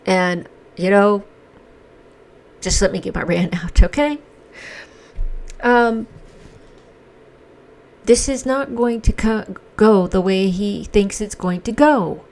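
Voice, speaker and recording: A woman's voice: medium pitch, slow, long pauses, a little mellow. A woman giving an emotional, indignant opinion monologue as the host of a commentary channel. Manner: impassioned, indignant, emphatic. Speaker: commentary vlogger.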